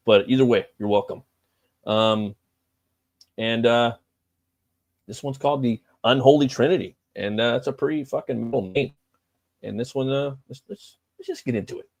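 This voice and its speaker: A man's voice: mid-range voice, vocal fry, no echo. A middle-aged man hosting a live stream, chatting loosely and profanely with lots of fillers. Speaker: livestream host. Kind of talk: casual live-stream chat.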